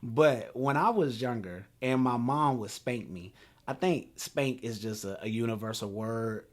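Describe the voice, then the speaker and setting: A man in his thirties hosting a talk show, telling a story in an animated, laughing way. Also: medium pitch, unhurried. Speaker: podcast host.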